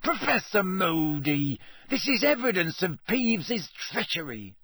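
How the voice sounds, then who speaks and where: A man's voice: sits high, very animated, unhurried, a bit bright, husky, no echo, voice pushed up, full character voice. A man voicing a fussy, grumbling old male caretaker who mutters petulantly. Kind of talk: audiobook character voice.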